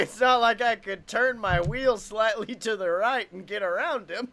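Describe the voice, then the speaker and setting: A man's voice: high-pitched, moderate pace, hardly any pauses, bright, forceful tone. A young man co-hosting a podcast, telling stories in casual chat, mimicking people, swearing and laughing often. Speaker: podcast co-host.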